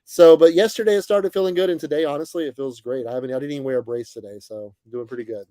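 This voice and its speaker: Relaxed young man chatting on a livestream. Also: on the high side, quick pace, no room sound. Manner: relaxed, friendly, chatty with many fillers. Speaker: livestream host. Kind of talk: casual chat reading viewer comments. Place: bus, indoors.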